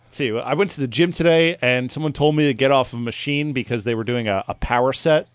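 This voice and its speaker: A man's voice: medium pitch, quick pace, smooth, dry recording. A young man hosting a casual comedy podcast, easygoing and teasing his co-hosts. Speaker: podcast host.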